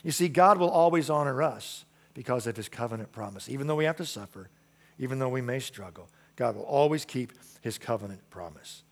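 A man preaching a sermon in an emphatic, repetitive way, moving between loud declarations and soft, quiet lines. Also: mid-range voice, animated, fairly quick. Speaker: pastor.

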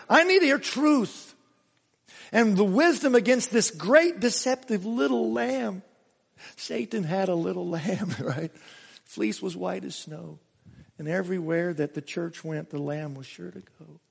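A male pastor preaching a sermon, emphatic, swinging between raised exclamations and hushed asides. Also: high voice, vocal fry, long reverb tail. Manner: emphatic preaching with sudden rises and hushed drops.

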